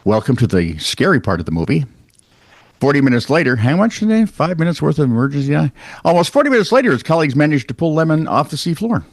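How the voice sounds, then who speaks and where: A man co-hosting a podcast, reading out odd news stories in a wry, animated storytelling way with casual asides. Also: a little high, fast talker, no echo. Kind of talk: casual comedic news chat.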